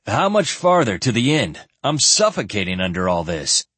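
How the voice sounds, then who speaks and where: A man's voice: lowish voice, sing-song, moderate pace, fairly bright tone, slightly rough, dry recording, exaggerated voice. A man voicing a vain, grumbling young noble knight who complains and protests. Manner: complaining, peevish.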